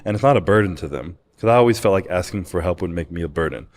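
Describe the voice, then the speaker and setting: A young man with a low voice talks quickly through a personal story on a podcast. He is candid and emotional, and he swears and uses fillers freely. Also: expressive. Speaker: guest.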